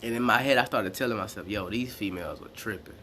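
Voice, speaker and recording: A man's voice: on the low side, quick pace, bright, forceful tone, a little hiss or hum. A young man rambling casually through a personal story, full of slang and restarts. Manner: rambling, slangy, retells exchanges in quotes. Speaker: vlogger.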